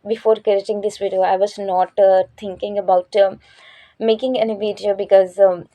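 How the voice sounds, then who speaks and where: A young woman from Chhattisgarh with a Chhattisgarhi English accent, giving casual advice on learning English to her viewers and often pausing to search for words. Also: mid-range voice, little pitch movement, warm tone. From Chhattisgarh, India. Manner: hesitant, searching for words with many fillers.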